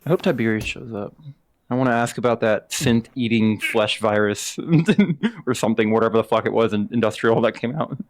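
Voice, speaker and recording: A male streamer chats loosely with friends during a VR role-play session, breaking into laughter between quick jokes. His voice sits at an ordinary middle pitch. It comes through close on a headset mic. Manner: laughs often, quick jokey banter.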